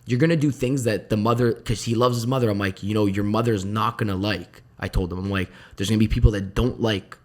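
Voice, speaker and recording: A young man as a podcast guest in casual chat, telling stories quickly and acting out what people said to him. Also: fairly low pitch, steady tone. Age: young adult. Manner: fast storytelling, acts out quoted dialogue, many "I'm like".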